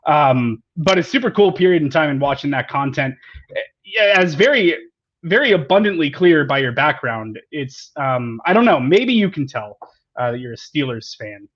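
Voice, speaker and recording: A man co-hosting a football podcast keeps things light with easygoing, joking chat and plenty of fillers. His voice sits fairly high for a man. The audio is dull and lo-fi, as if from a remote call. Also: very animated, normal speed, a bit bright. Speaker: podcast co-host.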